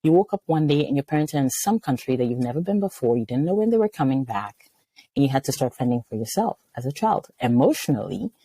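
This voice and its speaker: A middle-aged woman from Nigeria, a psychiatrist speaking as a guest in an interview, telling personal stories in a lively way and acting out the voices she quotes. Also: a bass voice, fast talker, husky, no room sound. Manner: animated, storytelling, acts out quoted voices. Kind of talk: conversational interview.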